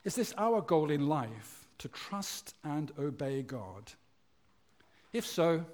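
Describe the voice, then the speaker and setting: Man, sermon, lively swooping pitch, slightly high voice, phrase ends sinking soft. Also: slow. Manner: lively, falls low and quiet at phrase ends; tells a joke story acting out voices. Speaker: preacher.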